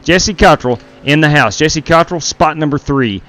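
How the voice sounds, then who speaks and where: A man's voice: fairly high pitch, moderate pace, fairly bright tone. A man hosting a sim racing live stream through a gaming headset, chatting casually with viewers while running the race lobby.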